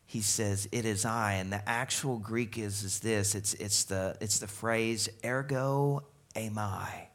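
A man preaching a sermon as a pastor, animated and conversational, asking the congregation questions as he goes. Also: lowish voice, slow pace.

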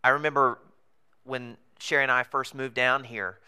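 A man preaching in a relaxed, storytelling way, his voice bright and forceful. His delivery is smooth and crisp, loose and chatty, with fillers and chuckles. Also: mid-range voice, moderate pace. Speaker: pastor planting a church. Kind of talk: conversational sermon storytelling. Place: theater in a comedy club.

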